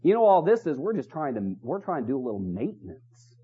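A man's voice: mid-range voice, sing-song, a little fast, warm tone, husky. A man preaching a sermon in a chapel, earnest and exhorting, driving points home with rhetorical questions and repetition. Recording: dull lo-fi recording.

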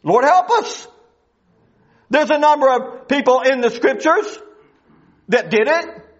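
A man's voice: very high-pitched, lively intonation, slow pace. A man preaching a sermon, emphatic and full of rhetorical questions, on a dull lo-fi recording.

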